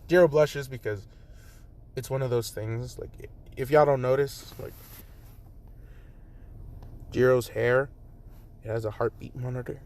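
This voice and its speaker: A man's voice: medium pitch, normal speed, pauses often. A young man casually telling a fan story, rambling with lots of fillers and the odd swear. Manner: rambling, filler-heavy, profane.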